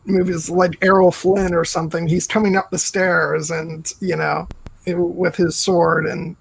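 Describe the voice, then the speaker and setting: A man's voice: fairly high pitch, little pitch movement, unhurried, gravelly, slight background noise, poor audio. A man hosting a casual film discussion podcast, talking enthusiastically and quoting favorite lines. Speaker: podcast host.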